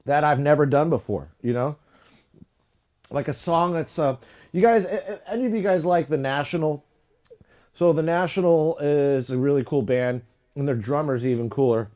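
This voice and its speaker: In a slightly high, somewhat mellow voice at a moderate pace, a music-making streamer rambles through casual chat from his home studio. He pokes fun at himself and keeps repeating tongue twisters.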